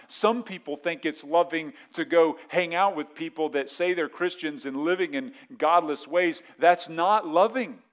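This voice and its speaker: A man's voice: fairly high pitch, measured pace, few pauses. A man preaching as a pastor in a conversational way, often repeating words and asking the congregation questions. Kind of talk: sermon.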